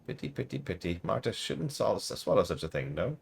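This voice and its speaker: A man's voice: lowish voice, big pitch swings, a little fast, creaky, slight background noise, pitched above the performer's own voice, heavily acted. A man putting on a batty old crone seamstress. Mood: crooning. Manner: sing-song, crooning, repeats her words. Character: batty cackling old female corpse-stripping seamstress. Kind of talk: reading game dialogue aloud.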